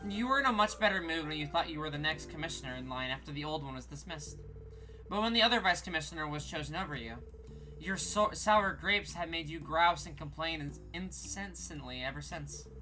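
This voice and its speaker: A woman voicing a cold, haughty middle-aged wealthy wife who speaks in cutting, measured tones. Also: low voice, lively intonation, pushed and bright, soft background music.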